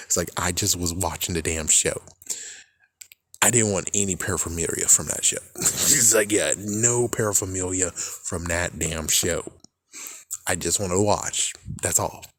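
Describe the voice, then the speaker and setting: A man's voice: deep voice, fairly bright tone, no room sound. A young man talking in a casual, rambling monologue, swearing a lot and laughing often. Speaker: vlogger.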